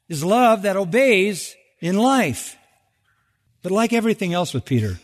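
A man preaching a sermon as pastor, animated, acting out quoted voices with big jumps in pitch and sarcastic emphasis. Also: big-room sound.

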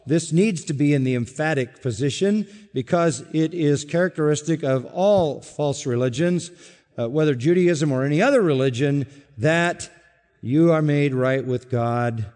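A man's voice: fairly high pitch, a little slow, a little mellow, long reverb tail. A man preaching a sermon, emphatic and insistent, repeating key phrases for weight. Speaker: pastor.

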